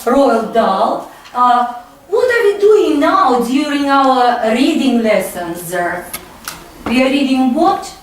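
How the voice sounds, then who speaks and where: A woman's voice: high-pitched, big pitch swings, slow pace, a little hiss or hum. A woman teaching English to a class, coaxing pupils with repeated questions. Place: school classroom. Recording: echoey classroom, far-off mic.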